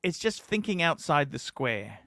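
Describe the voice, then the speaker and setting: A man's voice: a little high, very animated, measured pace, pushed and bright, no room sound, studio quality. A man hosting a livestream, telling a heated, profane story in a ranting chat. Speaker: livestream host.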